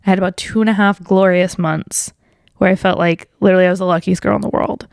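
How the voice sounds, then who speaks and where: A woman's voice: steady tone, quick pace, creaky, a little mellow, clear, resonant tone, dry recording, clean studio sound. A woman in her twenties hosting a solo podcast, telling a personal story in a casual, swear-filled way with lots of fillers, lifting her voice when she quotes people. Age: 20s. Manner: quotes people in livelier, higher voice. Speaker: podcast host.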